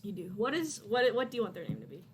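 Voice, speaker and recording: A woman's voice: mid-range voice, very animated, fast, slight background noise. A woman narrating as game master of a tabletop game who laughs often.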